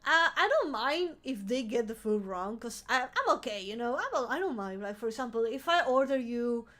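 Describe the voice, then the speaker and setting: A woman's voice: fairly high pitch, very animated, moderate pace, fairly bright tone. A woman streamer telling a rambling story in casual live-stream chat, swearing freely and laughing often. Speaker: vtuber streamer.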